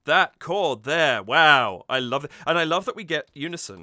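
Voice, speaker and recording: Bright, animated man gushing over music. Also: on the high side, normal speed, a little hiss or hum. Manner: gushing, hums and sings snippets to explain. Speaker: music reaction YouTuber. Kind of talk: enthusiastic musical analysis.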